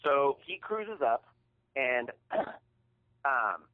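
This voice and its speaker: A man tells a story in a loose, heated way, swearing freely as he goes. His voice sits at an ordinary pitch. It comes through thin and tinny, as if over a phone line. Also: sing-song, extremely slow. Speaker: podcast co-host. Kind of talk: casual storytelling chat.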